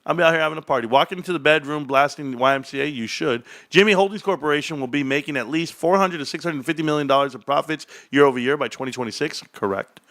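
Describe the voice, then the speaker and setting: A man hosting a casual livestream, reading chat aloud and joking, with sudden loud, high-pitched bursts. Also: fast, few pauses, dry recording, clean studio sound. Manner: animated, jokey, swings into loud high bursts.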